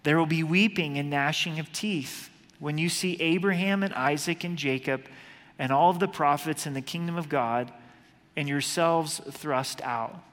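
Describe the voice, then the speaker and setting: Male pastor, earnest urgent sermon delivery, slightly high voice, long hall reverb. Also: moderate pace, a bit bright. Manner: earnest, urgent preaching with repeated word starts.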